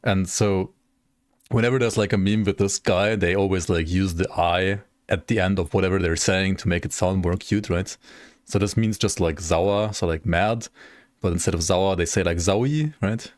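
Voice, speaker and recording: A man's voice: deep voice, moderate pace, no echo, clean studio sound. A young man chatting casually on a gaming livestream, rambling, swearing freely and laughing often. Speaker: gaming streamer.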